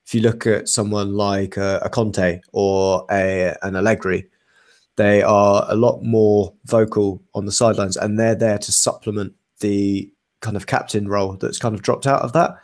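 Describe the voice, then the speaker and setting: A man's voice: on the low side, fairly even intonation, normal speed. A young man co-hosting a casual football podcast, talking things through in a thoughtful, analytical way with frequent ums and uhs. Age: young adult. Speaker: podcast co-host.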